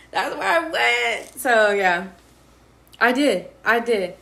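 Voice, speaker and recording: A woman's voice: a little high, slow, vocal fry, pauses often. A woman in her twenties being interviewed about her college years, telling her story in a casual, slangy way. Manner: lively storyteller, slangy, acts out quotes. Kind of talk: casual chat.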